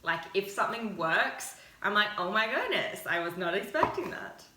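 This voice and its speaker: A young woman in her home kitchen chats through a recipe in a casual, self-mocking way, quick to giggle. Her voice sits at an ordinary middle pitch. The kitchen gives it a roomy echo, and steady background noise runs underneath. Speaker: cooking vlogger. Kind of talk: casual cooking chat.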